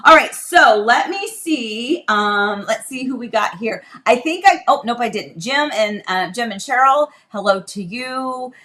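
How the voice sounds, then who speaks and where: Woman doing a casual home livestream, slightly high voice, laughy and chatty. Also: animated, measured pace, few pauses, pushed and bright. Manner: chatty, laughs often, coos to a toddler. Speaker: livestream host. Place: home office.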